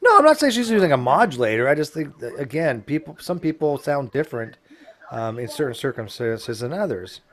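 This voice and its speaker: A man's voice: medium pitch, very animated, fairly quick. A man from California co-hosting a casual live-stream chat, rambling with false starts and swearing. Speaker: co-host.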